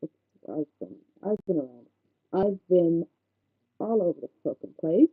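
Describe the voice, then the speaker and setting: A woman's voice: lowish voice, expressive, a little slow, breathy edge, dry recording. A woman streaming, sick and congested, rambling and swearing as she fumbles with her setup. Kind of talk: casual livestream chat. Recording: muffled phone-like mic.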